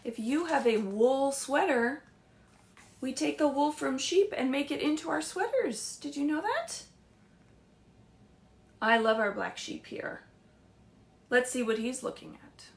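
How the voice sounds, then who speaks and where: A woman librarian reading picture books aloud to young children in a sing-song, animated storytelling voice, often asking them questions. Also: high-pitched, a little slow, long pauses. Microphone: streamed live.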